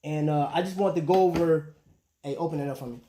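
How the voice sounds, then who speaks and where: With a fairly high, warm voice, a man talks fast over slight background noise. He's casually hosting a live stream, chatting with viewers and throwing "man" and "bro" into most lines.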